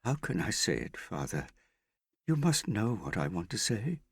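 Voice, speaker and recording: A man's voice: lowish voice, very animated, moderate pace, breathy edge, no echo, voice pushed up, full character voice. A man voicing an anxious young woman who confronts a man she suspects of lying, pleading and insistent, her voice rising and breaking. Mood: frightened.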